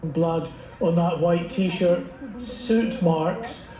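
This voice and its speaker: A man reporting live on the news, halting and hesitant. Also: sits high, reverberant, a crowd in the background, rough recording.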